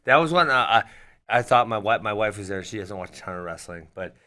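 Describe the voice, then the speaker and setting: A man co-hosting a studio show, chatting casually and telling rambling, animated stories. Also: lowish voice, brisk. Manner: rambling, animated storytelling with restarts. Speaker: podcast co-host. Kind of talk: casual studio chat about wrestling.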